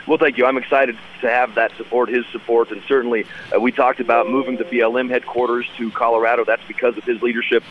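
A man's voice: mid-range voice, flat delivery, fast, few pauses. A man, a senator, calling in as a radio guest with his voice nearly gone, running through upbeat talking points with lots of "uh" fillers. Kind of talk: phoned-in radio interview. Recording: tinny phone line, faint noise.

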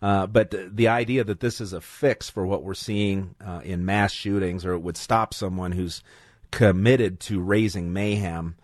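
A man's voice: deep voice, steady tone, moderate pace, no echo, studio quality. A man hosting a talk radio show, speaking in a conversational way as he steers toward the break.

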